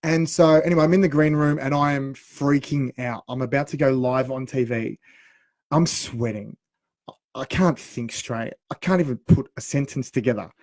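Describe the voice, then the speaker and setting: A man in his thirties, co-hosting a radio show and telling a funny story in a lively, laughing way. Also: medium pitch, normal speed, dry recording, clean studio sound. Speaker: radio co-host. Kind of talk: casual storytelling chat.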